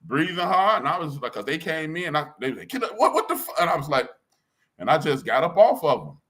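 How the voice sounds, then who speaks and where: A man with a Chicago accent tells a story in slangy, blunt talk. His voice is bright and a little high, and it rises and falls a great deal. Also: expressive, brisk. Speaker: podcast co-host. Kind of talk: casual chat, storytelling.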